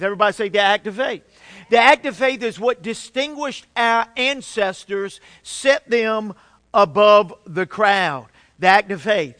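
A man's voice: sits high, a bit bright, no room sound. A middle-aged male pastor preaching a sermon, building emphasis and calling out for amens from the congregation.

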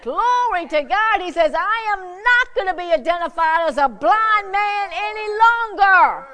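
Woman pastor, fervent sermon delivery, high pitch, unhurried pace. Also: expressive. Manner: fervent preaching, swinging from shouts to hushed prayer.

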